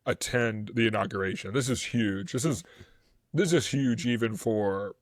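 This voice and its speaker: Animated man on a history podcast. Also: on the low side, moderate pace, dry recording, clean studio sound. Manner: animated, rambling with fillers and laughs. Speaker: podcast co-host. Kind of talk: casual history podcast chat.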